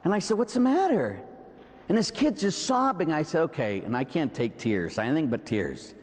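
A middle-aged priest with a Pittsburgh accent preaches a sermon, his voice rising and falling in a lively, expressive line. He keeps checking in with the congregation through rhetorical questions and quick asides. The church around him carries a long, ringing reverb. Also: on the high side. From Pittsburgh, USA. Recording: long reverb in a large hall.

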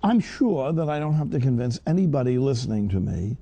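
A man's voice: mid-range voice, big pitch swings, fairly quick, dark tone, dry recording. A man preaching a sermon in an earnest, emphatic way that swells to stress key words.

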